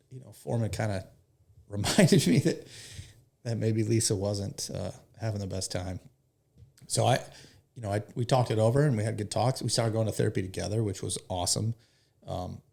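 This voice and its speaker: Gravelly-voiced American man, emotional. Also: fairly low pitch, a little mellow. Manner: emotional, earnest, swears casually. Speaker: firefighter guest. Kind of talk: candid personal storytelling.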